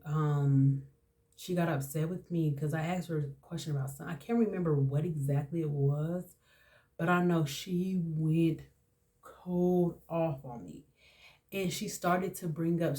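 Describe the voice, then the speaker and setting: With a low, dark-toned voice, a podcast host in her forties opens up about a personal story, emotional and frank, repeating herself frequently.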